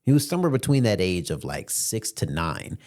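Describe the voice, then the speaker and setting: A man's voice: deep voice, very animated, a little fast, darkish tone. A man in his late twenties hosting a podcast, telling a story in a laid-back, slangy way with many fillers. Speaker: podcast host. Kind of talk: casual storytelling.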